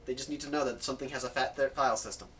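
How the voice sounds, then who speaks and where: A man's voice: medium pitch, fairly even intonation, racing, pushed and bright, recorded from a distance. A man sitting in as a guest on a game stream, trading dry, sarcastic jokes. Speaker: guest co-host watching the stream. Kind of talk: casual game-stream banter. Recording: off-mic, with game music. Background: game music.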